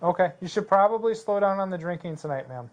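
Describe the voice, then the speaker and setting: A police sergeant questioning a caller over the phone, calm and curt. He talks quickly. The call is recorded from the phone line. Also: high voice, a little hiss or hum.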